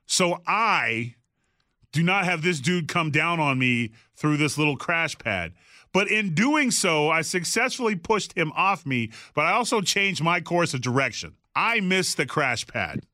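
A middle-aged man telling a story in a casual, animated way, acting out the voices of the people in it and swearing freely. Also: a little high, a little slow, no echo, studio quality. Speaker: guest telling a backstage story.

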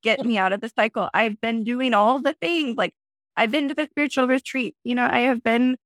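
A woman in her thirties, a podcast guest, telling a personal story in a lively way and acting out her own past lines. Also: brisk, dry recording. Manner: animated, acts out her own past lines in a high excited voice. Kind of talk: conversational storytelling.

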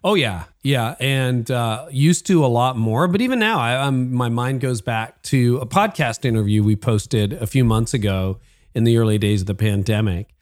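A man's voice: mid-range voice, animated. Enthusiastic man hosting a leadership podcast. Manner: enthusiastic, affirming, quick asides and laughs. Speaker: podcast host. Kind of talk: podcast interview conversation.

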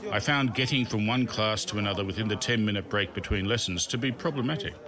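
A man's voice: fairly low pitch, quick pace, crowd noise. A man hosting and narrating his own comic memoir in a wry, self-mocking storytelling manner. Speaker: podcast host and narrator.

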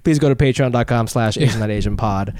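A man's voice: medium pitch, fast, darkish tone, no room sound. A man co-hosting a casual comedy podcast, loose and joking, laughing often, on a close mic. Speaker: podcast co-host.

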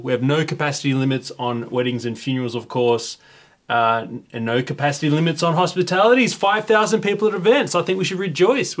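A man hosts a satirical news show in a mock-official, sarcastic announcing manner. His voice sits at an ordinary middle pitch. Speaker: host.

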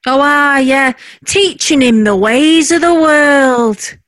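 An actress playing a sharp-tongued, sarcastic working-class wife and mother. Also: sits high. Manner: dry, sarcastic, drawn-out. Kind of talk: audio drama acting.

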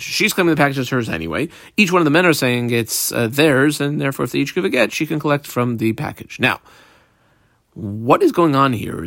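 A man's voice: mid-range voice, creaky, a bit bright, dry recording, clean studio sound. A man teaching a page of Talmud, reading the text and translating it line by line as he marks it up. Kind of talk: daf yomi Talmud class.

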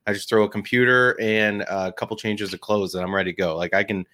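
A man's voice: fairly low pitch, steady tone, brisk, bright, forceful tone. A man co-hosting a podcast, chatting casually and rambling with lots of "like" and restarts. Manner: rambling, many fillers and restarts. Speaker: podcast co-host.

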